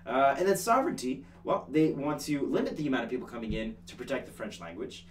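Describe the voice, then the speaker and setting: A man's voice: mid-range voice, fast, distant mic, slight background noise. A young man from Canada hosting an online news show, talking in a chatty, joking way with lots of fillers. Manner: chatty and animated, with filler words and jokes. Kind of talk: casual online news commentary.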